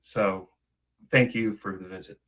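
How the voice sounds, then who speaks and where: A patient talking frog from a fairy tale, voiced by a man telling the story. He sounds husky and unhurried, close to an everyday voice. The audio is dull and muffled. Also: low-pitched, steady tone, fairly bright tone. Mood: resigned.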